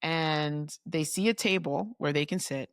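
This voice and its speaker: A woman co-hosting a podcast, chatting and telling a story in an animated way with frequent laughs. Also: deep voice, clear, resonant tone, no room sound, clean studio sound. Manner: animated, laughing, jumps in with quick asides. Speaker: podcast co-host. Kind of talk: casual chat and storytelling.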